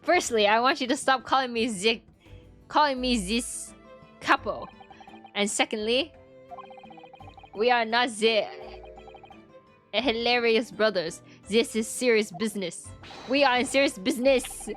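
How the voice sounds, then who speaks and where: A woman voicing a stern, indignant red-haired man from a detective game, reading his lines slowly and stiffly. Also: on the high side, fairly bright tone, soft background music.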